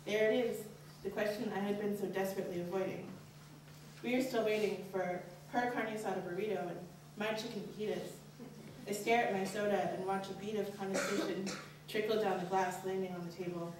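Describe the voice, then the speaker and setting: A woman's voice: fairly even intonation, a little fast, a little mellow, distant mic, a little hiss or hum. Young woman telling her story in an echoey hall. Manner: earnest, candid, pitch rises sharply on anxious inner questions. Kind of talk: live personal storytelling. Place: college stage at a live showcase.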